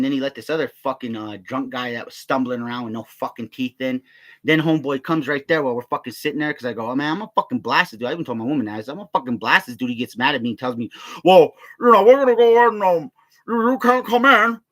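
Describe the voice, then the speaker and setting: A man's voice: medium pitch, very fast, fairly bright tone. A young man ranting casually to his viewers, rambling and swearing heavily, and mimicking other people in raised voices as he tells stories. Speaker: vlogger. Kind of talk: casual rant to camera.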